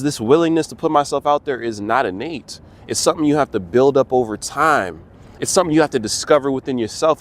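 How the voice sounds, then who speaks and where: A young man talking straight to his viewers in a casual, earnest way, often calling them "bro". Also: fairly high pitch. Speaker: vlogger. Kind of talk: casual motivational talk to camera.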